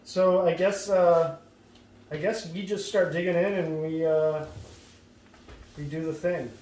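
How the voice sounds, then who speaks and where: A man with a higher voice rambles offhand through a casual food vlog, full of fillers. he sounds roomy and distant from the mic. a faint hiss sits under him. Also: fairly even intonation, measured pace, a little mellow. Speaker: host. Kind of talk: casual chat, comedy skit.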